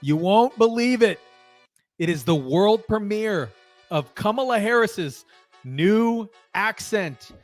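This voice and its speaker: A man's voice: high voice, expressive, slow pace, faint music behind. A man ranting on a commentary vlog, incredulous and mocking, often breaking into laughter. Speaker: commentary vlogger. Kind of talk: excited opinion rant.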